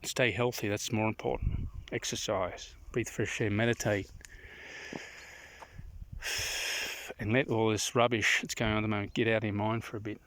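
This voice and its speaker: A man recording a casual outdoor vlog, rambling and opinionated, often clearing his throat. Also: lowish voice, level tone, moderate pace, long pauses, fairly bright tone. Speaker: vlogger. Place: outdoors in the countryside.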